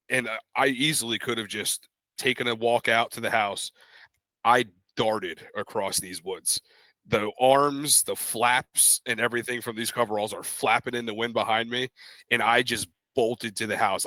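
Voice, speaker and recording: A man's voice: medium pitch, moderate pace, dry recording. A young man co-hosting a podcast, casually telling a story and acting out the voices of the people in it. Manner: animated, acts out quoted voices in his stories. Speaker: podcast co-host.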